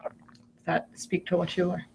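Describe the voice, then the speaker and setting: A woman on course staff explaining changes casually, measured with frequent ums. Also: a little mellow. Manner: measured, filler-laden explaining.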